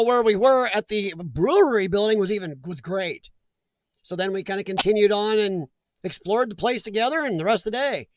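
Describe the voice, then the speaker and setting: A man's voice: sits high, a bit bright, no room sound. A middle-aged man hosting a casual live stream, chatting and laughing as he answers comments. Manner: chatty, laughs often, talks back to chat.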